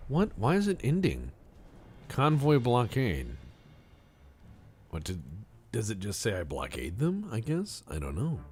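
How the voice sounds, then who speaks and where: A man's voice: sits low, a little mellow. A man streaming a naval strategy game, giving playful, rambling commentary with jokey asides to his chat. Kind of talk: casual live-stream commentary.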